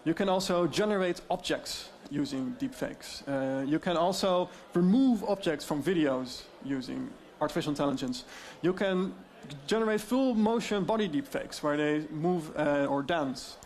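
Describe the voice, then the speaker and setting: A Dutch-accented man giving a conference talk, his voice sitting a bit high. He explains in a lively, loose way, dropping frequent fillers along the way. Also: moderate pace. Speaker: speaker on AI deepfakes.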